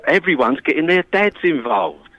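A man's voice: on the high side, big pitch swings, normal speed, fairly bright tone, no echo. A middle-aged man rambles and jokes through casual banter. His voice comes over a dull, muffled line with a dry, close sound. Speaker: caller, host's father. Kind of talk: casual chat by phone.

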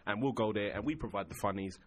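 In a casual chat, a man tells a funny anecdote, voicing the people in it and often breaking into laughter. His voice is on the low side and he talks fast.

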